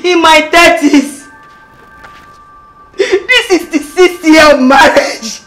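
A woman's voice: extremely high pitch, animated, slow pace, fairly bright tone, soft background music, full character voice. An actress playing a despairing wife in her thirties who laments her hardships tearfully and says she is leaving, in a Christian film drama.

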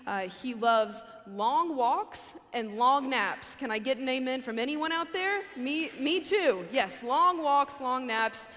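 A woman's voice: high voice, expressive, takes it slowly, hardly any pauses, a bit bright. Chatty young woman preaching in a chapel. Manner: chatty, with frequent fillers. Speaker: chapel speaker. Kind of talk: casual chapel sermon. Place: university chapel. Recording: long hall reverb.

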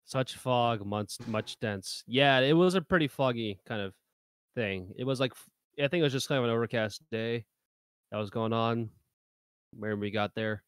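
A man chatting on a podcast, with a smooth, resonant voice captured close and dry. He meanders through his story, padding it with fillers. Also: mid-range voice, moderate pace, dry recording. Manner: rambling, many fillers like "you know" and "like". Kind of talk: casual podcast chat.

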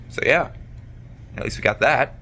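A man's voice: mid-range voice, bright, forceful tone, a little hiss or hum. A man chatting casually in a monthly vlog, rambling with lots of fillers and restarts. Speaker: vlogger.

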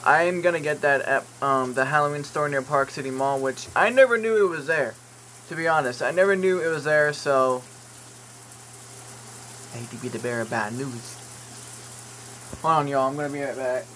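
Male vlogger, slightly higher pitch, bright forceful tone, joking, rambling, swears casually. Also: a little fast, slight background noise, poor audio. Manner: rambling, jokey, swears, reads product listings aloud with asides. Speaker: YouTube vlogger. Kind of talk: casual vlog commentary while browsing online.

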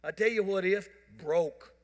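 A man's voice: sits high, a little slow. A man preaching a sermon, telling folksy, joking stories to his congregation. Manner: folksy storytelling, animated and joking. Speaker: pastor. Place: church sanctuary. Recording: church hall reverb.

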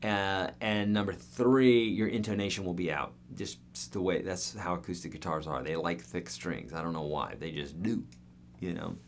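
A man's voice: deep voice, moderate pace, vocal fry, slight background noise. A middle-aged man, a guitar teacher on a live stream, answering viewer questions in an upbeat, chatty way and speaking to people by name.

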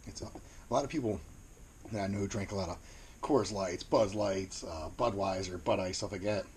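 A man with a Mid-Atlantic American accent reviewing beer in a casual video, plain-spoken and unhurried, repeating words as he searches for them. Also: sits low, darkish tone, slight background noise.

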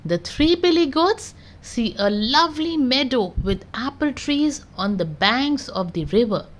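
A woman reading a picture book aloud to children in a gentle, expressive sing-song manner. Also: sits high, measured pace. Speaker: children's storyteller.

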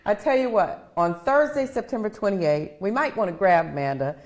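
A woman's voice: mid-range voice, animated, moderate pace, darkish tone. A woman co-hosting a local TV live show, cheerfully running through upcoming events and laughing with her co-hosts. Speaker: co-host of a county TV live show. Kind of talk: casual live show chat.

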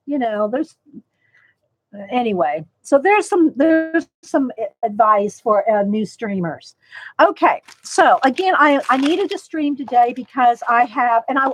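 A woman's voice: high-pitched, lively intonation, slow pace. A woman hosting a casual livestream, rambling along and greeting viewers by name. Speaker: livestream host. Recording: slightly dull lo-fi sound.

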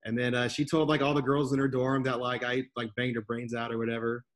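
A man's voice: mid-range voice, level tone, fast talker. A man in his thirties in casual, crude podcast banter, laid-back and laughing often, with drawling fillers. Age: 30s.

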